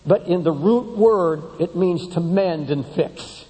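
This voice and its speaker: A man preaching a sermon with passion, climbing to high emphatic peaks, then dropping low and slow, and repeating words as he builds. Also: warm tone. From United States. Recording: long hall reverb.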